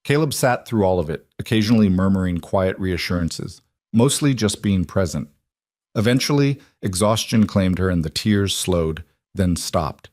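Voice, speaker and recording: A man narrating a story in a calm, measured storytelling manner. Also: low voice, no room sound. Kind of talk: scripted audiobook narration.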